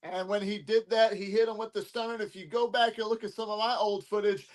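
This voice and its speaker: A man's voice: high-pitched, flat delivery, quick pace, rough recording. A man from Texas, a wrestling promotion owner talking cocky and brash, barking "What?" between his lines. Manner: cocky, interjects "What?" again and again.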